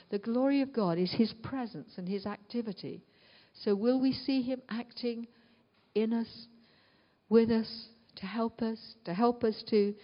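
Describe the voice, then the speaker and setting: A woman preaching a sermon in an earnest way, often asking her listeners rhetorical questions. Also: mid-range voice. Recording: dull long reverb of a large hall.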